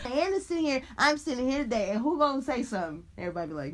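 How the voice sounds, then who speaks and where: Animated woman from Chicago telling stories. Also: high voice, fast talker. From Chicago, USA. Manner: animated, expressive storyteller who laughs often and acts out quotes. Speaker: podcast guest. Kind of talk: casual storytelling interview.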